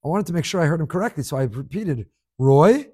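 A middle-aged man teaching a Torah class, sharing listener emails with animated emphasis and Hebrew words woven in. His voice sits fairly high but sounds mellow and dark. The recording is dry and close. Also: racing, husky, dry recording.

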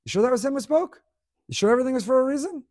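A man's voice: extremely high pitch, lively intonation, very fast, a little mellow, pitched above the performer's own voice. A man voicing a sneering male tempter who needles with repeated doubting questions. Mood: taunting. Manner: needling, repetitive rhetorical questions.

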